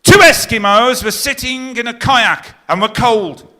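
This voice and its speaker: A middle-aged man comparing a stage competition, telling jokes with deadpan punchlines and teasing the live audience. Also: extremely high pitch, a little slow. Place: stage in a pier theatre before a live audience.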